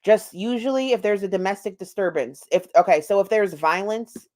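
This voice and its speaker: A woman's voice: mid-range voice, normal speed, a little mellow. A woman giving casual, profane, gossipy commentary over video clips. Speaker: commentary YouTuber.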